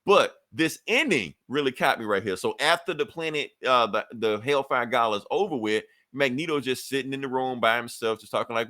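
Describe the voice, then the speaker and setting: A man's voice: mid-range voice, a little fast, hardly any pauses, sharp tone, no echo. A man casually recapping a comic book on a podcast, acting out the characters' lines and swearing freely. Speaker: podcast co-host reviewing comics.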